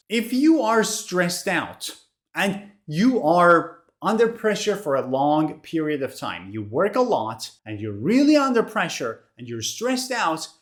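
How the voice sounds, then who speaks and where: A woman teaches English vocabulary in an animated voice that rises and falls widely. She speaks clearly and deliberately and repeats each new word so learners can copy it. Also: lowish voice. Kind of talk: vocabulary lesson.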